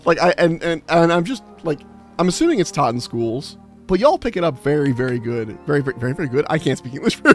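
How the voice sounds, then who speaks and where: Rambling, chatty male streamer. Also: on the high side. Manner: rambling, full of restarts and filler, laughs often. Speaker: game streamer. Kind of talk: casual chat with live viewers.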